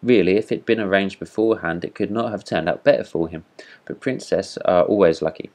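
Man reading as a pompous firework rocket, haughty, indignant, deep voice, storybook. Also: brisk, darkish tone, natural voice. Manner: haughty, self-important, indignant.

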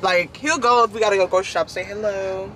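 Guy vlogging from his car, high bright voice, rambly and chatty, says sorry a lot. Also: fast talker, a little hiss or hum. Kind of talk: casual chat. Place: inside a parked car.

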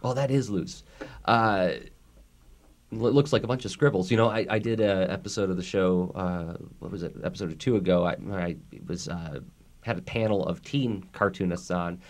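A man's voice: deep voice, normal speed. A man with a nasal voice hosting a casual chat, chatty and rambling, laughing often. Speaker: podcast host.

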